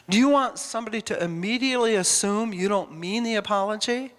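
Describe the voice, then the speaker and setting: A woman's voice: mid-range voice, brisk, few pauses. A woman giving a conversational sermon, emphatic and rambling, often putting questions to the congregation. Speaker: church speaker. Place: church hall. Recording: long reverb of a church hall.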